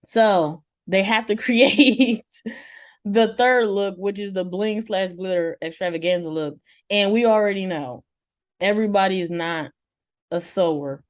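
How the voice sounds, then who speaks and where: Animated slangy woman co-host. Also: mid-range voice, a little slow. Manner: animated, slangy, laughs often. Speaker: co-host of a TV review show. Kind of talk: casual review chat.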